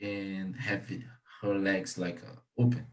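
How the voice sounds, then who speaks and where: Slow, halting male student. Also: low voice, a little mellow. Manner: hesitant, halting, restarts often.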